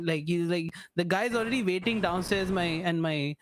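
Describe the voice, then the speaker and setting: A young man with a somewhat high voice chats loosely on a podcast, laughing easily and swearing through his stories. Steady noise sits behind the recording. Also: fairly quick, hardly any pauses, low-quality recording. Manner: laid-back, laughs often, storytelling with swearing. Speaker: podcast co-host. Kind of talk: casual chat. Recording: noticeable background noise.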